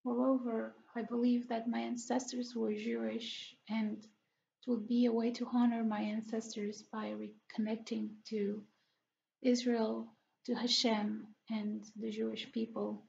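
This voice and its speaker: A woman speaking in a personal video diary, earnest and halting, pausing often between phrases. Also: a little high, level tone, gravelly, a little mellow, dull audio, a little hiss or hum. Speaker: vlogger.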